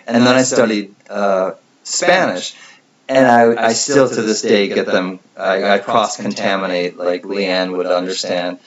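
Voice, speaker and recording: Over dull, lo-fi stream audio, a livestream host with a lowish male voice chats casually, laughing a lot, rambling and fixing his own words midway. He speaks in a steady tone, a little slowly.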